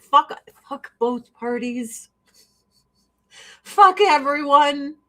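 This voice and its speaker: Woman vlogger, scornful profane rant, slow drawl, a bit high-pitched. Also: fairly bright tone. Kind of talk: casual rant while getting ready.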